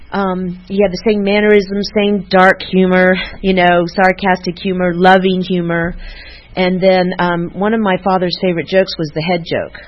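A woman speaking at a recovery meeting, giving a personal tribute in a halting way, full of fillers and restarts. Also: medium pitch. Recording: muffled lo-fi recording.

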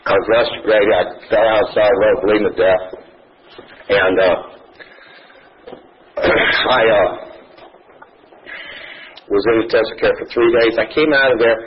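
A middle-aged man giving a personal testimony at a podium, telling his story in an earnest, halting way. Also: fairly low pitch, steady tone. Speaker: speaker sharing his recovery story. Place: meeting room at a podium. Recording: muffled lo-fi recording with faint hiss.

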